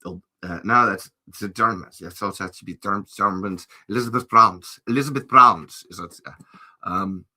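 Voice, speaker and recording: A man's voice: low-pitched, steady tone, normal speed, pushed and bright. A man hosting a casual podcast chat, rambling and playful and laughing often. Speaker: podcast host.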